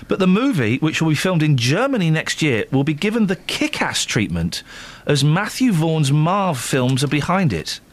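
A man presenting breakfast radio, mocking the stories in a lively, sarcastic way. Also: normal speed. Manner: mocking, animated, swings between deadpan and high exclamations. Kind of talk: breakfast radio chat and news.

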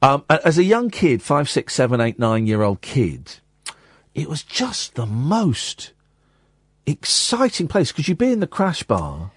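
A man, hosting a radio show and telling a rambling, animated story in a studio. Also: a little high, a little slow, breathy edge, no echo. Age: 40s. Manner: animated, rambling, self-interrupting. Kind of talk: casual on-air storytelling. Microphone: studio microphone.

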